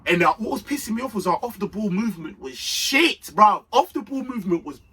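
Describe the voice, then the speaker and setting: A young man giving an excited football match reaction, full of slang, dropping to mutters and rising to shouts. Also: a little fast, far from the mic, a little hiss or hum. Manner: animated London slang, swings between low muttering and shouting. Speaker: football fan vlogger.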